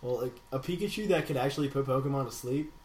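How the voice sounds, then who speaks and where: A young man co-hosting a casual gaming podcast, chatty and animated, stretching out names slowly when he reads league standings. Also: medium pitch, a little hiss or hum. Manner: animated, slow announcer drawl for standings. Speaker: podcast co-host. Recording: echoey room.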